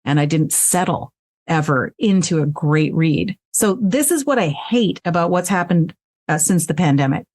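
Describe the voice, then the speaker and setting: A woman's voice: fairly low pitch, expressive, normal speed, a little mellow, dry recording. A woman voice actress talking frankly and with animation as an interview guest, swearing freely, recorded in her home recording space. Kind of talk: casual interview chat.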